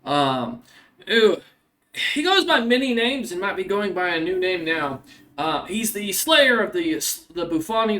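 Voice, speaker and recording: A towering gray-skinned monster hunter in a tabletop game, gruff and blunt, as a game master puts him on. His voice sits higher than the narration and jumps around as he questions strangers. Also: sharp tone, heavily acted.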